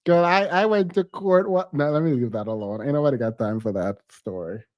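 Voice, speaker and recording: Man, blunt exasperated reaction commentary, slightly higher voice. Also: fairly quick, a little mellow, highs cut off. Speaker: podcast co-host reacting to a clip.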